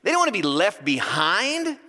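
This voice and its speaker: A man preaching a sermon, an animated, joking storyteller. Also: sits high, moderate pace, in a large hall. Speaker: pastor.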